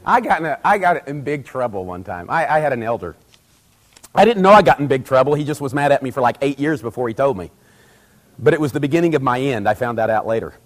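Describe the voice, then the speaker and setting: A middle-aged man preaching a sermon in a conversational way, rising to loud emphatic peaks and acting out quoted dialogue. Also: mid-range voice, expressive, fast.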